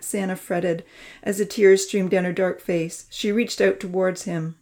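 A woman reading a children's story aloud, voicing the young characters' lines in a raised, expressive voice. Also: a little slow. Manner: expressive, lifts her voice high for the children's dialogue. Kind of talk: scripted narration of a children's story.

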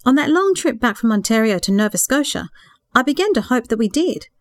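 A woman voicing a hopeful, earnest young woman in love, speaking softly and a little higher than her narration. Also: big pitch swings, a little fast, dry recording, studio quality. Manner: earnest, emotional, sighing.

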